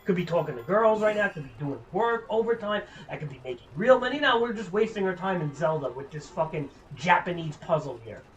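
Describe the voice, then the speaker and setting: A man's voice: high-pitched, big pitch swings, brisk, few pauses, slight background noise. A young man streaming a game, ranting with lots of swearing in frustration. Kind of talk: casual gameplay commentary.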